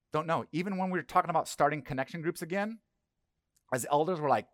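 A man's voice: on the high side, rapid-fire, dry recording, clean studio sound. A middle-aged male pastor giving a conversational sermon and asking the congregation questions.

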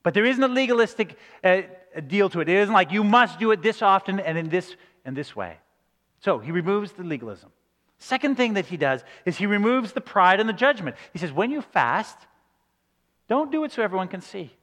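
High-voiced male preacher in a reverberant hall. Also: very animated, fairly quick, a bit bright. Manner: conversational, acts out quoted reactions. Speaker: pastor. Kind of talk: sermon.

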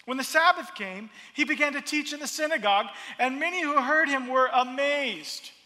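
High, bright-voiced man preaching in a hall. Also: normal speed. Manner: expressive, acts out crowd voices, repeats words. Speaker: pastor. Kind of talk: sermon.

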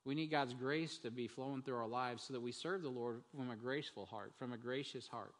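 A pastor preaches a Sunday morning sermon in a church sanctuary, with long church-hall reverb on the recording. His medium-pitched voice runs a little fast, conversational and full of fillers and restarts.

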